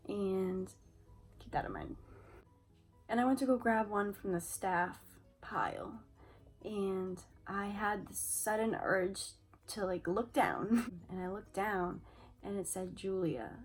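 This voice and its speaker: A young woman with a creaky, slightly husky voice talks straight to the camera. She tells her story casually, leans on "like" and acts out both sides of the conversations she recounts. Soft music plays faintly underneath. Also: mid-range voice, poor audio. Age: young adult. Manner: chatty, many "like" fillers, replays conversations. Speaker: vlogger.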